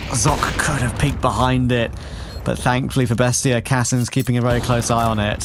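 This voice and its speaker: A man casting a live esports match, with chatty banter between quick play-by-play calls. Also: mid-range voice, fairly even intonation, music in the background. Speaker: esports caster. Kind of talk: live color and play-by-play commentary.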